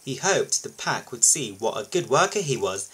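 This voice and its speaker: Lively man reading a children's storybook. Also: medium pitch, moderate pace, slightly rough, low-quality recording. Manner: lively, expressive read-aloud. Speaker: YouTube storybook reader.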